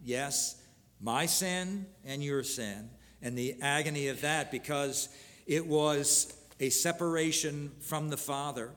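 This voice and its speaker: A man preaching a sermon, earnestly reading scripture aloud with pauses and restarts. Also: a little high, a bit bright, big-room sound. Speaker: pastor.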